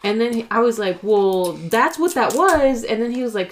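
A woman's voice: on the high side, a little fast, few pauses. A woman co-hosting a casual podcast, telling a story and acting out what people said, with frequent restarts and swearing. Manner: animated storytelling, acting out quotes. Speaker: podcast co-host. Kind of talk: casual chat.

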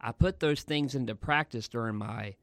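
A man's voice: mid-range voice, normal speed, vocal fry, dry recording. A man co-hosting a podcast in casual chat, joking and laughing often from a studio. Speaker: podcast co-host.

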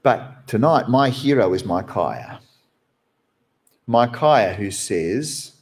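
A man who is a pastor, preaching a sermon from behind the pulpit in an animated, conversational way. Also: takes it slowly, pauses often. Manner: animated, conversational preaching with wide swings in pitch.

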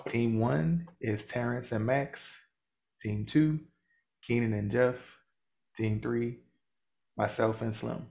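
Gravelly podcast host announcing a game. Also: male voice, medium pitch, steady tone, takes it slowly, long pauses, darkish tone, slight background noise. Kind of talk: reading out game rules, casual chat.

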